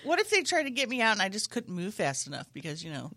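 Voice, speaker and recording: Bright, lively woman in a dry room. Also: fast talker, dry recording. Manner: jokey, animated, squeals into high voices. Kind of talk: casual comedic chat.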